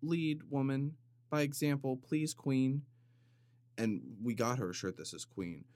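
A man hosting a comedic solo podcast, rambling in a deadpan way with sudden loud bursts and some vocal fry. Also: mid-range voice, unhurried, no room sound, clean studio sound. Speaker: podcast host. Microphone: studio microphone.

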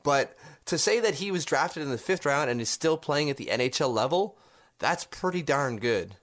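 A man's voice: fairly high pitch, animated, moderate pace, a bit bright. A man co-hosting a casual sports podcast, arguing his points with rhetorical questions. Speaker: podcast co-host.

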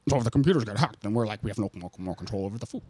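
A man putting on a creepy, gross older male global planner in a flat, crude mumble, with no real accent. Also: on the low side, very fast, breathy edge, no room sound. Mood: deadpan.

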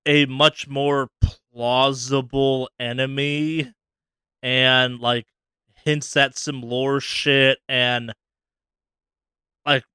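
A man co-hosting a podcast, rambling casually about a video game with many restarts and quick asides. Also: mid-range voice, clean tone, no room sound. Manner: rambling, many restarts, animated voices for quotes. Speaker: podcast co-host.

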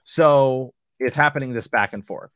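A man's voice: medium pitch, normal speed, fairly bright tone, dry recording, studio quality. A man hosting a podcast, chatting casually and reading book passages aloud, rambling with lots of filler phrases. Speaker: podcast host.

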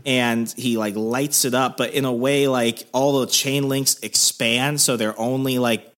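In a casual comic recap on his podcast, a man retells a story loosely, rambling and filling it with fillers. He has a medium-pitched, slightly bright voice with a steady tone and measured pace.

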